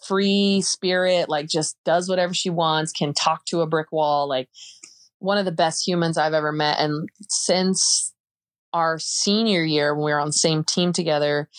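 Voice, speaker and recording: A woman in her twenties, a softball player chatting as a podcast guest in quick, filler-laden bursts. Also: low voice, dry recording. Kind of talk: casual interview chat.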